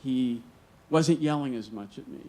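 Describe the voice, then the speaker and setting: A man's voice: medium pitch, normal speed, dark tone, slight background noise. Male live storyteller, earnest and vivid, voices the dialogue himself. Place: stage at a museum storytelling event.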